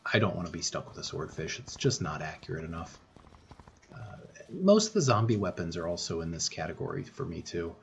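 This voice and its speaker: A man giving relaxed gameplay commentary as a voice-over, thinking aloud with frequent fillers and restarts. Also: fairly low pitch, a little hiss or hum. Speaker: gaming YouTuber.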